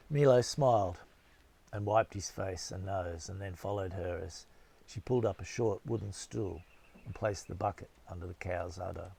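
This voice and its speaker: A man narrating a novel as an audiobook in a steady, measured storytelling manner. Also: sits low, creaky, slightly rough.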